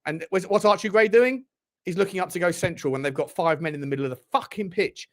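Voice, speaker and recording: A man hosting a live football watchalong from his room at home, commenting on the match, swearing and yelling at the players. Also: high voice, fast talker. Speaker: football channel host.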